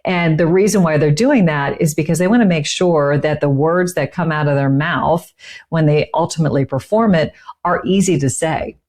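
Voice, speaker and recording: A woman's voice: sits low, moderate pace, a little mellow. A middle-aged woman giving conversational teaching tips, stressing key words as she explains. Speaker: communication coach. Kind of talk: instructional tips to camera.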